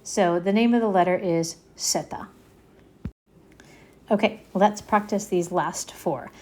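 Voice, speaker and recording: A woman's voice: on the low side, slow, darkish tone. A woman teaching a language lesson, leading the listener through letters to repeat after her, patient and encouraging, often checking in. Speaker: Spanish teacher.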